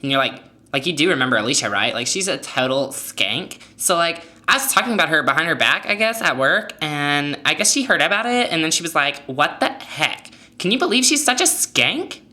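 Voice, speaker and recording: A woman's voice: sits low, lively intonation, a little fast, hardly any pauses, sharp tone. A woman playing a self-absorbed young girlfriend who rambles on with lots of "like" fillers. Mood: gossipy. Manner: rambling, filler-heavy valley-girl chatter.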